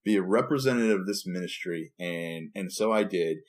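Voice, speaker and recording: A man co-hosting a podcast, telling a story in a playful, animated way and acting out the dialogue. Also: low voice, brisk. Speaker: podcast co-host, preacher. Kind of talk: casual storytelling chat.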